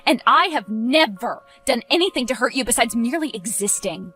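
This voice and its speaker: A woman voicing a stressed teenage high school boy who talks tensely and pleads, then snaps into anger. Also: expressive, a little fast, sharp tone, soft background music. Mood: angry.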